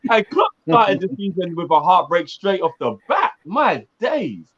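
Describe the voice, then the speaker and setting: A man's voice: high-pitched, sing-song, unhurried, a bit bright, highs cut off. A man with a London accent talking football in a casual panel chat, slangy and joking.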